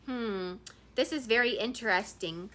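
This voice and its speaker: A woman voicing a casual, gruff male office director with a Russian accent, mumbling and thinking aloud as he reads from a novel. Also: on the high side, unhurried, sharp tone. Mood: eager.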